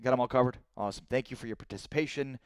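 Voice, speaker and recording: Speaking at a racing clip in a smooth, medium-pitched voice, this thirtysomething sports talk host reads viewer comments on his live stream and gets heated over trades. The recording is dry. Excitable by nature, he climbs sharply in pitch whenever something outrages him.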